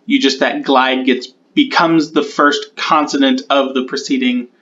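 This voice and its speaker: A man in a relaxed walkthrough explains linguistic rules, pausing to think and fix his own mistakes along the way. His voice sits at an ordinary middle pitch. The recording sounds slightly dull and lo-fi. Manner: thinks aloud, corrects himself mid-sentence. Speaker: conlang creator explaining sound changes.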